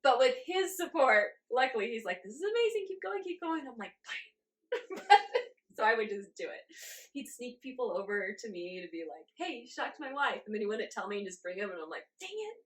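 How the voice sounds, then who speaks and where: A woman in her forties, a guest in an interview, telling her story in a lively way, laughing often and acting out her own reactions. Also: medium pitch, brisk. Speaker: guest channeler.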